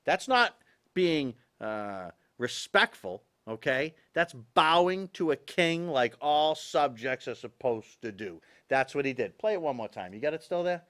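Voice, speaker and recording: A middle-aged man hosting a talk show, holding forth on the issues of the day. His pitch swings widely and sits a little high for a man, and he hammers his points by saying them again and again. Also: very animated, normal speed, fairly bright tone, soft background music. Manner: emphatic, repeats his points, talks straight to viewers. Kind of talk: opinionated talk show monologue.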